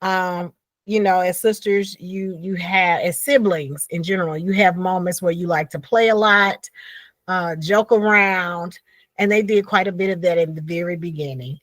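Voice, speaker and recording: A middle-aged woman talking casually about a book over a video call, animated and wondering aloud. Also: lowish voice, moderate pace, no room sound. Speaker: book club member. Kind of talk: casual chat.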